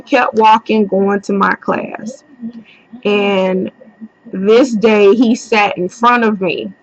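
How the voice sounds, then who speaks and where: A woman's voice: medium pitch, fairly bright tone, no echo. A young woman casually telling a personal story in a blunt way, swearing freely. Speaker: vlogger. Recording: dull, dry lo-fi recording.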